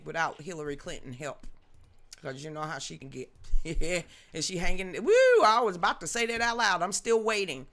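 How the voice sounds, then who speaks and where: Sassy, animated woman commentator. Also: fairly low pitch. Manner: sassy, animated, mocking, slangy. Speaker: host of a political live stream. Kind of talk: unscripted political commentary, greeting chat viewers.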